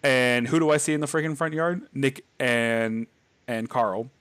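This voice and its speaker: A man's voice: mid-range voice, measured pace, fairly bright tone, clean tone, no echo. A man hosting a podcast, telling a scary childhood story in a rambling, casual way, full of fillers and laughs. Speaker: podcast host.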